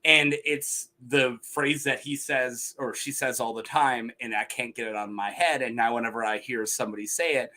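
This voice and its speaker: Young male host, casual chat, bright forceful voice, chuckles through rambling stories. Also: mid-range voice, normal speed, hardly any pauses. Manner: laughs often, rambling, mimics voices. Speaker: podcast host.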